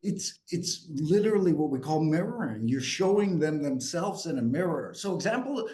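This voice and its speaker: A man from New York coaching a group live, energetic and asking the group questions. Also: fairly high pitch, moderate pace. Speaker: sales coach.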